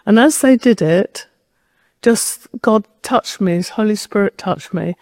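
A woman preaching a sermon at a medium pitch, sharing a personal story as if talking to friends. Her voice is close and dry, with almost no room sound. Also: expressive, a little slow, a little mellow, no echo. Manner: personal storytelling, conversational and direct.

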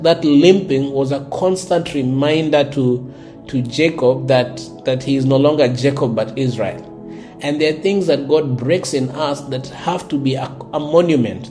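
Faint music plays behind a South Sudanese pastor as he delivers an earnest sermon, frequently repeating words while he hunts for his phrasing. He speaks with a voice on the high side and a darkish tone.

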